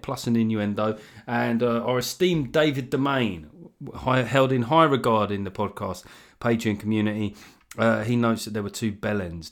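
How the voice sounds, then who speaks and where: A middle-aged man hosting a podcast solo, rambling through jokey, swear-filled asides into a mic that sometimes clips. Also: medium pitch. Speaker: podcast host. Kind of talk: solo comedic monologue. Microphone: gain set too high, clipping at times.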